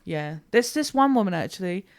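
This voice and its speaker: Woman, British accent, podcast co-host, casual chat, smooth clear voice, rambling tangents, swears freely. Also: medium pitch, expressive, brisk. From Britain.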